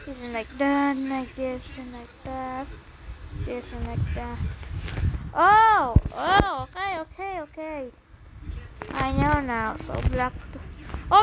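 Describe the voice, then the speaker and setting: High, unhurried young woman gaming. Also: background noise. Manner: chatty, easily flustered, talks to herself. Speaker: game streamer. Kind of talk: casual gameplay commentary.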